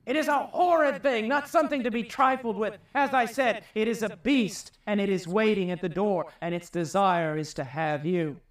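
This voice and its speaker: A man preaching a sermon with passion, climbing high and loud to drive home his points. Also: moderate pace, hardly any pauses, distant mic. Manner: impassioned, rises high and loud for emphasis.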